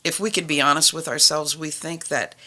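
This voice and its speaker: A woman's voice: sits low, steady tone, a little fast, sharp tone. A middle-aged woman telling her personal faith story on a Christian radio talk show, earnest and vivid, acting out the conversations she recalls.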